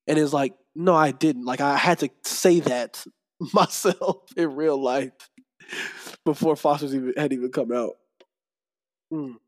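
A man telling stories as a podcast guest, animated, often breaking into laughter. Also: on the high side, unhurried. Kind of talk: casual chat.

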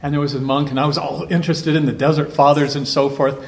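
A man, a priest, giving a relaxed conversational talk to a group at a retreat, telling stories and thinking aloud. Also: fairly high pitch, fast. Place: meeting room with a group. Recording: echoey room, faint background hum.

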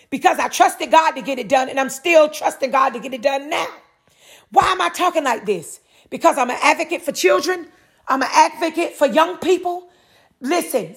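Woman, middle-aged, high voice, solo podcast host, preachy, repeats rhetorical questions. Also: a bit bright. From North Carolina, USA.

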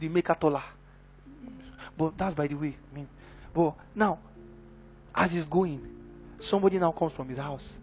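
High-voiced preacher, emphatic. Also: male voice. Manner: emphatic, keeps checking in with the congregation. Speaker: minister. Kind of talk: sermon.

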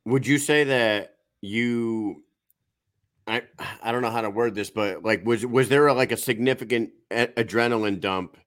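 A man hosting a casual podcast interview, halting and searching for his words. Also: mid-range voice, a bit bright. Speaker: podcast host.

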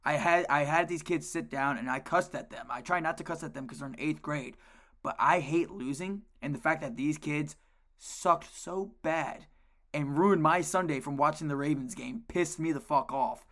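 A man co-hosting a casual podcast, telling coaching stories in an animated way and swearing a lot. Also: a little high, moderate pace. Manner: animated storytelling, heavy swearing. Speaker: co-host, youth lacrosse coach.

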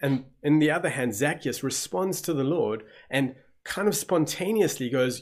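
Animated South African pastor preaching. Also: male voice, a little high, moderate pace, few pauses. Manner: animated storyteller, acts out gasps and shock. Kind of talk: sermon.

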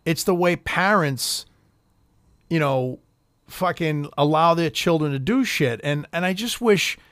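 A man's voice: a little high, lively intonation, measured pace, fairly bright tone, clear, resonant tone, no echo, clean studio sound. Profane middle-aged man ranting. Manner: profane, rambling, heated storyteller. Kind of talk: casual storytelling chat.

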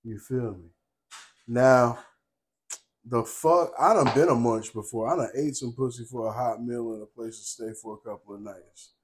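At a normal speed and in a mid-range voice, a young man co-hosting a podcast chats casually and profanely, spinning stories with a streetwise edge. "You know what I'm saying" comes up constantly, and excitement makes him louder and sets him laughing.

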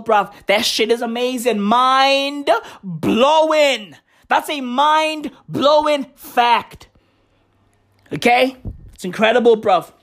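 A woman comedian doing a profane stand-up rant with exaggerated outbursts and shouting. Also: a little high.

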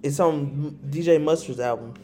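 A young man in casual chat, slangy and argumentative, quick to push back. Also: fairly high pitch, dark tone, slight background noise.

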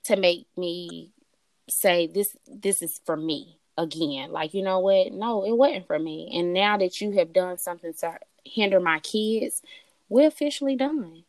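A woman in her thirties tells a personal story in relaxed conversation, her easy and unhurried. She jumps into the voices of the people she quotes, her pitch leaping up and down. The sound is close and dry. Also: no echo. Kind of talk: casual storytelling chat.

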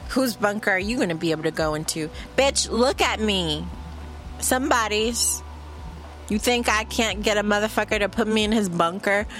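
A woman's voice: mid-range voice, fairly bright tone. A woman in a casual, profane solo monologue from her room, brash and boastful, mixing playful trash talk with laughter.

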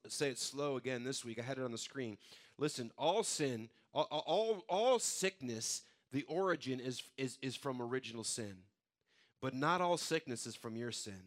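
A man's voice: fairly high pitch, fairly bright tone. A male pastor, preaching a conversational sermon full of restarts and repeated words.

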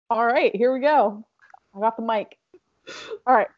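A woman's voice: a little high, slow pace, pauses often. A young woman co-hosting a casual chat, nervous and giggly, then reading a heartfelt speech aloud in an earnest way. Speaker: podcast co-host. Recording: dull, lo-fi sound.

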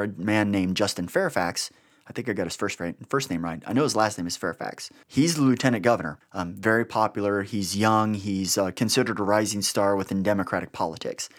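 A man hosting a podcast, giving blunt, sarcastic political commentary with an exasperated edge. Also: fairly low pitch. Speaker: podcast host.

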